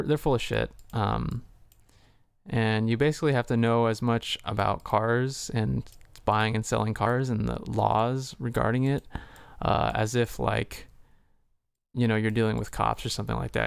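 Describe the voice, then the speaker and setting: Rambling man with a gravelly voice. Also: medium pitch, no room sound. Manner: rambling, swears casually, many fillers; acts out both sides of conversations. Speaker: streamer. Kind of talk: casual livestream chat.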